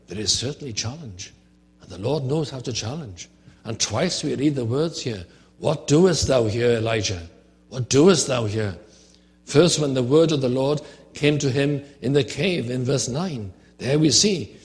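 A man's voice: medium pitch, a little mellow. A man preaching a sermon, earnest and rhetorical, often asking questions of his listeners. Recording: long hall reverb.

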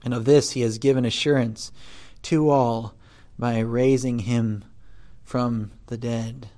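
A man preaching a sermon, deliberate, rising loud when he quotes scripture and dropping soft between points. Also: mid-range voice, steady tone. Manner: deliberate, swells loud on scripture then drops quiet.

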